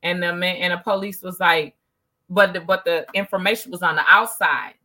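A woman's voice: lowish voice, steady tone, moderate pace, bright, forceful tone. A woman in casual conversation, telling stories animatedly and acting out quoted exchanges.

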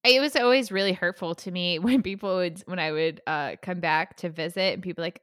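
A woman's voice: fairly low pitch, fairly quick, few pauses, fairly bright tone, smooth, no room sound, clean studio sound. A young woman co-hosting a podcast, telling stories in a chatty, giggly way with many fillers. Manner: laughs often, chatty storytelling with fillers. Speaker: podcast co-host. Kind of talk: casual chat.

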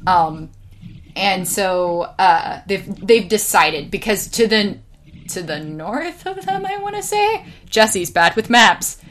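A woman's voice: medium pitch, takes it slowly, slight background noise. Rambling young woman chatting casually. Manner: rambling, filler-heavy, swears freely, animated storyteller. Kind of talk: casual chat.

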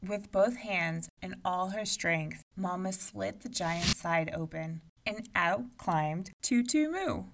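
Slow-paced woman reading a story aloud. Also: fairly low pitch, vocal fry, distant mic, background noise. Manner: expressive, measured storytelling. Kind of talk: read-aloud storybook narration.

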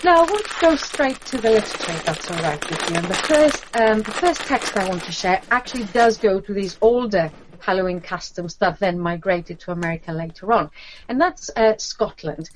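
A woman giving a lecture on literature and folklore, talking with many fillers, restarts and pauses. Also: mid-range voice, animated, slight background noise, rough recording.

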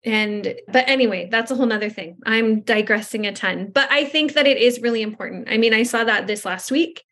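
A woman's voice: fairly high pitch, brisk, a bit bright. A woman hosting a podcast interview, chatting and telling a rambling story about her work as a speech therapist. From Southern California. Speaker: podcast host, speech-language pathologist. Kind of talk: conversational interview.

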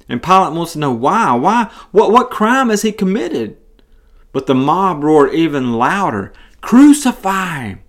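A man giving a casual Bible study talk as a podcast teacher, earnest and conversational, often restarting his sentences. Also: on the high side.

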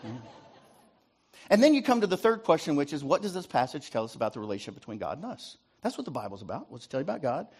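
A man's voice: fairly high pitch, big pitch swings, fast, slightly rough. A man preaching a sermon as pastor, asking the congregation to repeat lines back to him and tagging points with "right?". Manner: rhetorical call-and-response, repeated "right?".

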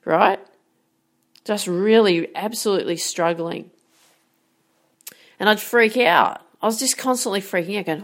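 A woman's voice: medium pitch, unhurried, long pauses. A woman giving a motivational coaching talk about handling nerves, direct and emphatic, often asking rhetorical questions. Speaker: sports mindset coach.

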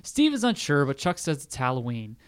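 A man's voice: mid-range voice, huge pitch swings, fairly quick, clean tone. A man co-hosting a podcast, reading out a plot summary with jokey asides in casual chat. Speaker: podcast co-host recapping an episode.

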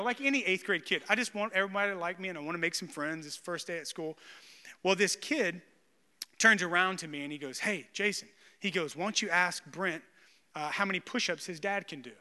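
A man, a pastor preaching a sermon with animated personal storytelling and self-deprecating humor. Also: high voice, big-room sound.

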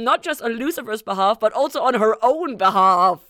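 A woman's voice: a little high, animated, normal speed, few pauses, a bit bright, dry recording, clean studio sound. A woman co-hosting a podcast, chatting casually and emphatically about a TV episode, swearing and acting out characters' lines. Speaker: podcast co-host. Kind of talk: casual chat recapping a TV episode.

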